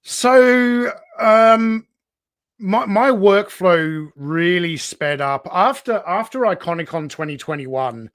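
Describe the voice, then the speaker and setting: A man's voice: high-pitched, expressive, slow pace, a bit bright, clean tone, no echo, clean studio sound. Candid man with a raised voice. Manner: candid, self-deprecating, laughs often. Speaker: guest toy channel host. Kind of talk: casual livestream chat.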